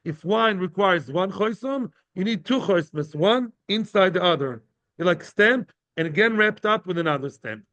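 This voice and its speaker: A man's voice: sits high, animated, normal speed, fairly bright tone. A man teaching a daily Talmud class to a live group. He translates each phrase, repeats himself and checks in with the listeners. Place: study hall with a live class.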